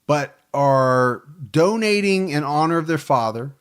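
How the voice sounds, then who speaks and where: A man hosting a podcast in casual chat, chatty and reading out names with quick asides. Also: on the high side, lively intonation, a bit bright, clear, resonant tone. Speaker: podcast host.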